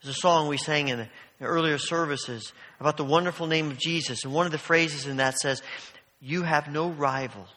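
A man's voice: a little high, steady tone, fairly quick, few pauses, bright, forceful tone. A man preaching a sermon in a church, telling stories in a conversational way full of asides. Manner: storytelling, conversational, many asides. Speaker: pastor. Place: church sanctuary. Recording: long hall reverb.

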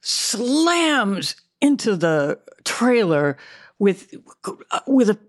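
A woman's voice: medium pitch, sing-song, drawn-out words, dry recording, clean studio sound. A woman, an actress and author, recounting memories as an interview guest, hesitant and candid with many fillers and restarts.

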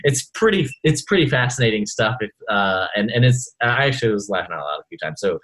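A man co-hosting a podcast in loose, casual chat. His voice is husky and slightly breathy. He rambles, doubling back on himself with plenty of fillers. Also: lowish voice, animated, fast talker, a bit bright, rough recording. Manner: rambling, many fillers and restarts. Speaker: podcast co-host.

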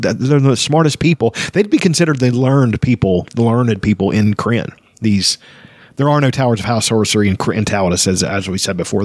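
A man's voice: lowish voice, dry recording, clean studio sound. A man hosting a casual book talk, rambling with frequent restarts. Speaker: podcast host discussing a fantasy novel. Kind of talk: casual chat and reading aloud.

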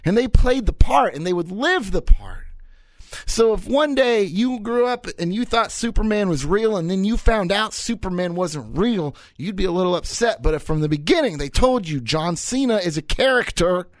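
A man in his thirties hosting a solo podcast, talking in an animated, rambling way and repeating his points for effect. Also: high-pitched, moderate pace, no room sound. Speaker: podcast host.

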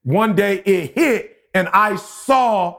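A man in his forties on a casual podcast, telling a story with lively acted-out quotes. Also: high-pitched, takes it slowly, creaky. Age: 40s. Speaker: podcast co-host.

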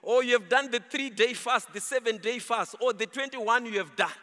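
A man's voice: very high-pitched, normal speed. A man preaching a sermon in a church, rising and falling, at times half-singing his emphasis. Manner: animated, rises and falls, half-sung emphasis. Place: church hall. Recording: long reverb of a large hall.

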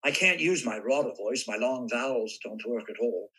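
A man telling animated stories in a casual interview, acting out bits of dialogue as he goes. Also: medium pitch, moderate pace, breathy edge, rough recording. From United States. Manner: animated raconteur, acts out voices in anecdotes. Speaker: guest actor. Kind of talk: casual interview chat, storytelling.

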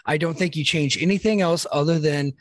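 A man's voice: fairly high pitch, fairly quick, no room sound. A man co-hosting a casual podcast, recapping wrestling in a loose, chatty way with many fillers. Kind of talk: casual chat.

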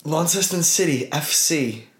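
A man's voice: fairly high pitch, expressive, unhurried, echoey room. A young man from the United States in casual chat as a guest, laid-back and joking, swearing offhand. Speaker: guest, footballer.

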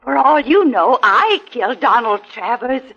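An unhinged, menacing sister. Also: female voice, a little high, very animated, a bit bright, slightly rough, highs cut off, exaggerated voice. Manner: halting, then gloating and menacing. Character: unhinged, hate-filled younger sister with a knife. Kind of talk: 1950s radio drama acting.

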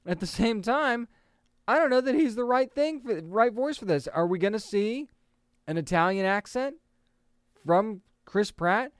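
Casual male entertainment host, thirties to forties, smooth clear tone, opinionated chatter. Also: sits high, expressive, no echo, studio quality. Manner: chatty, opinionated, quick asides. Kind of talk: casual commentary.

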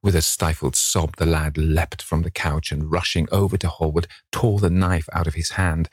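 A man with a deep, husky voice narrates a classic novel in a measured, expressive way. The recording is dry and close, with no room sound. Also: no room sound. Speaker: audiobook narrator. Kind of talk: scripted narration.

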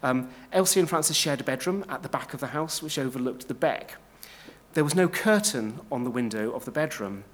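Male lecturer, middle pitch, measured delivery with ums and restarts. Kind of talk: illustrated history talk.

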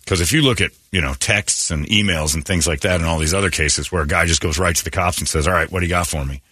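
A man's voice: low voice, quick pace, sharp tone, breathy edge, dry recording, studio quality, a faint crowd. A man hosting morning radio, telling brash stories and mocking people in casual banter. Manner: brash storytelling with mocking voices. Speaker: radio host.

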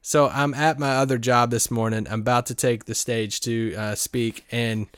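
Animated man telling a story on a podcast. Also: medium pitch, moderate pace, smooth, no echo, studio quality. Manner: animated storyteller, laughs often. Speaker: podcast co-host. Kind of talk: casual podcast chat.

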